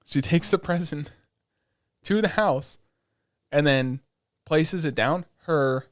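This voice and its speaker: A man's voice: on the high side, slow pace, dry recording, clean studio sound. A man co-hosting a podcast, recapping shows in a casual, profane way, with lots of fillers and acted-out quotes. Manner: animated storytelling that acts out quoted lines. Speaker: podcast co-host. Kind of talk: casual chat.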